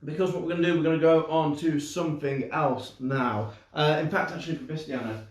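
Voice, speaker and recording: Chatty kids magician, kinda high voice, real echoey room, mic a ways off. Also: male voice, steady tone, brisk, distant mic. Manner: chatty, upbeat, self-mocking, many fillers and restarts. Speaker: children's entertainer and magician. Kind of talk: live-streamed magic show patter. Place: indoor room, live stream.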